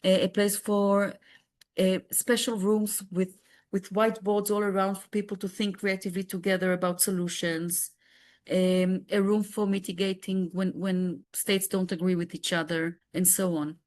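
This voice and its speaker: A woman's voice: mid-range voice, flat delivery, normal speed, darkish tone. A woman from Israel, a peace activist guest on a podcast, speaking earnestly and searching for words with frequent restarts. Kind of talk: casual podcast conversation.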